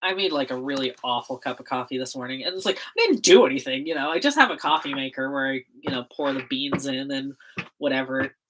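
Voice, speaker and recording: A woman's voice: rumbling low, fast, low-quality recording. A woman chatting casually on a livestream while she makes a zine, rambling with frequent laughs and self-corrections.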